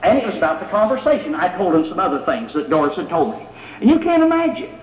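A man's voice: sits high, sing-song, quick pace. A man preaching a sermon in a conversational way, asking his listeners rhetorical questions. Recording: echoey hall, dull lo-fi sound.

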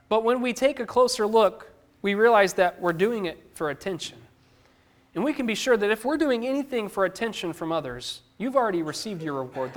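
A man's voice: high voice, a bit bright. A man preaching a sermon in an earnest, conversational way, putting direct questions to his listeners.

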